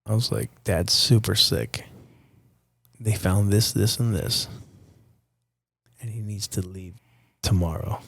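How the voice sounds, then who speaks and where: A man's voice: on the low side, steady tone, takes it slowly, vocal fry, pauses often, fairly bright tone, breathy edge, dry recording. A young man from Nicaragua, a podcast guest telling a personal story in a candid, profane, casual way. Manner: candid and profane, addresses host as dude and bro.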